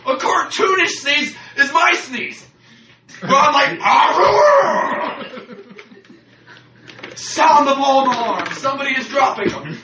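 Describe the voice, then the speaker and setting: A man ranting loudly and profanely in casual chat, laughing as he goes. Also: very high-pitched, unhurried. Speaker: podcast co-host. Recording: echoey room, distant mic, noise.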